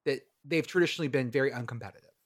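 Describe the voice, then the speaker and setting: A man hosting a casual podcast chat, playful and deadpan. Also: medium pitch, racing. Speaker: podcast host.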